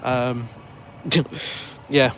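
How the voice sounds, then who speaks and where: This mid-range male voice is a bit bright, with little pitch movement and drawn-out words. He's from England, has a southern English accent, and is walking outdoors in a village on a live stream, reading comments and joking at his own expense. Passing cars and street noise come through the noisy phone stream.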